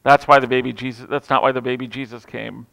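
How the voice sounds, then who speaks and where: A man preaching a Christmas Eve sermon, telling stories with humor and swinging from loud declarations to hushed asides. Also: medium pitch, fairly even intonation, quick pace, creaky. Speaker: pastor. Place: large church sanctuary. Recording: reverberant church hall.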